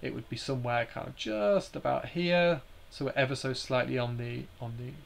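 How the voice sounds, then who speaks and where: A man's voice: mid-range voice, moderate pace, gravelly. A man hosting a live stream, explaining slides in a hesitant way with many fillers and restarts.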